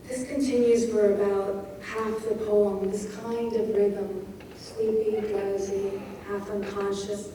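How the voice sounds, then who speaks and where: Woman, poetry lecture, mellow voice, distant mic, long hall reverb. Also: medium pitch, flat delivery, slight background noise. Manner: slow, reads lines aloud and dwells on their sounds. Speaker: poet giving a craft talk. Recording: echoey hall from far off.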